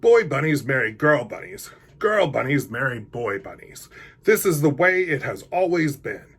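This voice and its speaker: A man's voice: medium pitch, big pitch swings, a bit bright, slightly rough, full character voice. A man reading a picture book aloud, voicing a pompous, bossy male stink bug who declares the rules. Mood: haughty. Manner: haughty and declaring, slows on key words.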